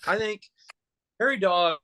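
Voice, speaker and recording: A man who performs as a mascot, telling animated, joking stories in a casual interview. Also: sits high, measured pace, dry recording, poor audio.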